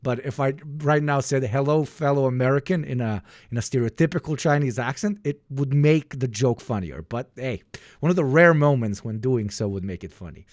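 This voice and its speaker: A man's voice: mid-range voice, moderate pace, a little mellow, no room sound, clean studio sound. A man streaming casual commentary over news clips, sarcastic and swearing, joking between remarks. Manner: sarcastic, swearing, jokey asides.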